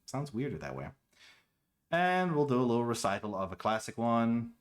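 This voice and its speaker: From his home, a man streams and chats casually and playfully with viewers in a mid-range voice at a moderate pace. He's animated and playful, quoting lines in different voices.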